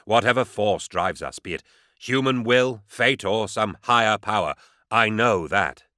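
A man's voice: lowish voice, unhurried, sharp tone, dry recording, clean studio sound. A man voicing a stern, loyal male warrior who speaks firmly and insistently in an audiobook. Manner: firm, insistent. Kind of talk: audiobook character voice.

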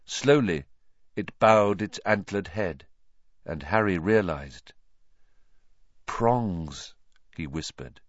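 A man reading a fantasy novel aloud as an audiobook narrator, expressive and given to dramatic pauses. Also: sits low, no echo, lo-fi sound.

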